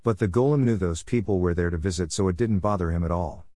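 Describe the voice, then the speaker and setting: A man reading a story aloud chapter by chapter, halting now and then with small restarts. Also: deep voice, mellow, no echo, clean studio sound.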